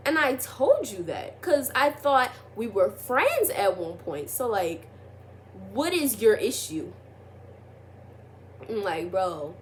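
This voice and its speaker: A young woman vlogs casually about something personal, her medium-pitched voice swinging widely in pitch as she speaks slowly over slight hiss or hum. She rambles, says "like" constantly, restarts her sentences, and gets emphatic when retelling arguments.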